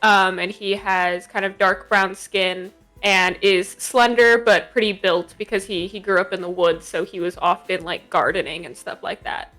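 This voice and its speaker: A woman's voice: mid-range voice, fairly even intonation, normal speed, hardly any pauses, fairly bright tone, faint music behind. A woman player in a tabletop game, talking in a casual, chatty way.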